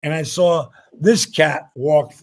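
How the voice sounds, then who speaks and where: A man in his sixties, a retired wrestler being interviewed, telling animated stories. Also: a little high, slow. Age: 60s. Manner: animated anecdotes, acts out quotes. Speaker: guest, retired pro wrestler. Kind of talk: storytelling interview.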